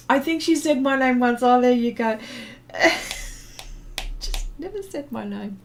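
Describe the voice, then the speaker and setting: A middle-aged art livestreamer speaks in a high, expressive, slightly mellow voice without hurrying. Chatting as she draws and reads viewer comments, she drifts through memories, filling gaps and laughing often.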